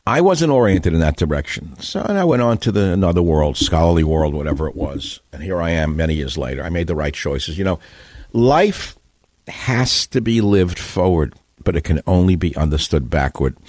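A man's voice: low voice, lively intonation, moderate pace, darkish tone, dry recording. A man in his seventies hosting a talk radio show, giving an opinionated, rambling and sardonic monologue into a studio microphone. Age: 70s.

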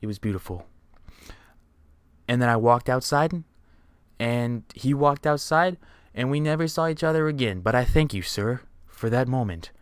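A man's voice: medium pitch, animated, normal speed, long pauses, clear, resonant tone, dry recording. A young man casually telling a rambling, profanity-filled story.

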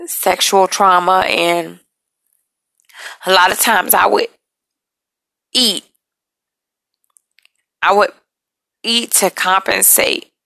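A woman hosting a podcast, talking about personal struggles in an emotional, halting, apologetic way, and she is tired. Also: mid-range voice, gravelly, bright, forceful tone, no room sound. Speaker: podcast host. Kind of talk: personal confessional talk.

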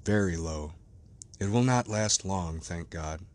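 A man's voice: low voice, fairly quick, a bit bright. A man voicing a reclusive, despairing male doctor in a storybook reading, speaking drearily with sighs. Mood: weary. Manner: dreary, sighing.

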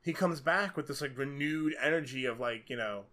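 A man's voice: medium pitch, moderate pace. Chatty man riffing on films. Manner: animated, rambling, many fillers like "you know". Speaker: podcast co-host. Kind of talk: casual film discussion.

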